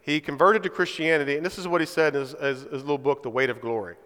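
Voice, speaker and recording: A man's voice: fairly high pitch, fairly even intonation, fast, fairly bright tone. A man preaching a sermon in a church, speaking emphatically and often checking in with his listeners by asking "right?". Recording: reverberant hall.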